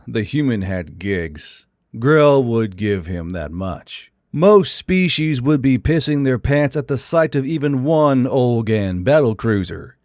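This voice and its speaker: A man narrates a science fiction story as a scripted audiobook, steady and even in delivery. His voice sits at a middling pitch and sounds dry and close, with no room around it. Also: dry recording.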